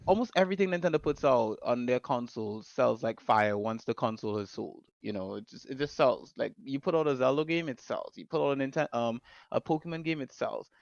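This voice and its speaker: A man's voice: medium pitch, brisk, creaky, no echo. A man hosting a casual gaming podcast, arguing his point with rhetorical questions. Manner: argumentative, explains with rhetorical questions. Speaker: podcast host. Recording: dull lo-fi mic.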